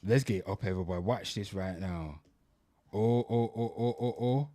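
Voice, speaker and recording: A man's voice: lowish voice, moderate pace, warm tone, dry recording. Brash crude man hosting. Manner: crude, repetitive, hypes merch, keeps calling out "people". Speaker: host. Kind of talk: brash comedic channel talk.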